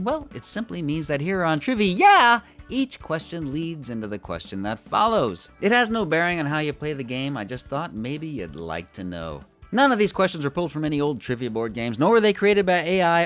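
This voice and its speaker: A man's voice: a little high, a bit bright. A man hosting a trivia podcast, joking and teasing himself in a casual monologue. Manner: playful, jokey, self-mocking.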